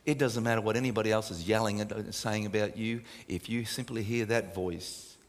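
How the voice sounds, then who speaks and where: A man preaching a sermon, moving from emphatic, raised delivery down to soft, hushed near-whispers. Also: fairly low pitch, steady tone, normal speed, hardly any pauses, long reverb tail. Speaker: pastor.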